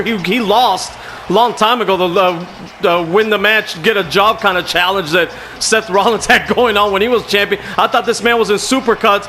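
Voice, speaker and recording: A man hosting and commenting on a wrestling video game in a casual, excitable way, often calling people "man". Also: high voice, slight background noise. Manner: excitable, frequent "man", shouts at the action.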